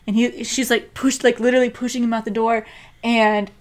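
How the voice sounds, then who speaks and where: A young woman co-hosting a casual podcast, retelling an anime episode in an animated way and saying "like" a lot. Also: on the high side, a little fast. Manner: animated storyteller, heavy use of "like", acts out quotes. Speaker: podcast co-host.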